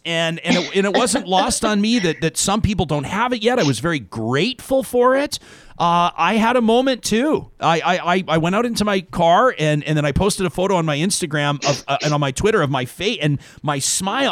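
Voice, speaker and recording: A male talk show host tells a personal story in a reflective way that turns animated. His voice sits a bit high for a man. The sound is dry and close, with no room around it. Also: no room sound. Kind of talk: casual talk show conversation.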